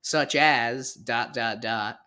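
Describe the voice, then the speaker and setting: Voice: mid-range voice, takes it slowly, pushed and bright, clear, resonant tone. A podcast co-host in casual comedic chat, sarcastic and profane.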